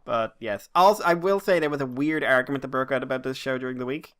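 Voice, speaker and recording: A man's voice: mid-range voice, quick pace, a bit bright. An Irish man co-hosting a podcast in casual chat, rambling and ranting with free swearing. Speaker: podcast co-host.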